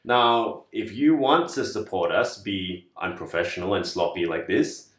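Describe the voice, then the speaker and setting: A man's voice: sits low, unhurried, a bit bright, echoey room, far from the mic. A songwriter talking plainly about his writing in a casual interview, laughing along at jokes.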